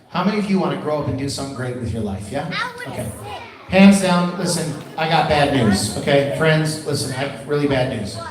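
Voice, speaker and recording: A man telling stories to schoolchildren at an assembly, animated and playful, calling the kids his friends. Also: fairly high pitch, background noise. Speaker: children's musician speaking at a school assembly. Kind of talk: storytelling motivational talk to children. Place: school gym or auditorium with a crowd of kids. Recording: echoey hall from far off with crowd.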